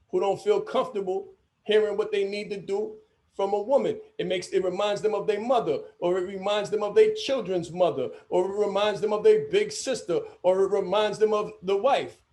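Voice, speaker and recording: A man with a notably high voice leads a training session for coaches. He speaks emphatically and circles back to repeat his main points. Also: darkish tone. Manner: emphatic, repeats key phrases.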